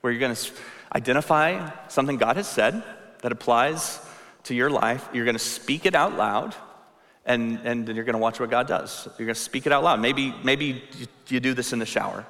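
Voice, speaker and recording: Earnest and emphatic, a male pastor preaches at a moderate pace with a medium-pitched, bright and forceful voice, hammering points home through repetition. A long reverb follows each phrase, as though he is in a large hall.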